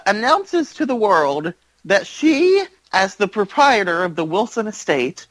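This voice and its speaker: Animated man recapping wrestling. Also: high-pitched, dry recording, rough recording. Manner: animated storyteller, acts out quotes. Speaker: podcast co-host. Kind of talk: casual chat recapping wrestling.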